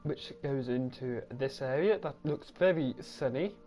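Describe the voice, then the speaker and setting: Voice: medium pitch, measured pace, dark tone, faint music behind. A gaming channel host, giving a casual, rambling tour of a game world, correcting themselves and repeating the same praise.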